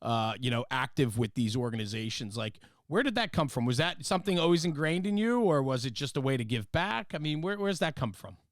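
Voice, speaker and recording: A man's voice: medium pitch, expressive, brisk, hardly any pauses, dry recording. Guy hosting a podcast, encouraging, lots of "yeah" and "mm", dry sound. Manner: encouraging, short affirmations. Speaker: podcast host. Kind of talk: casual interview.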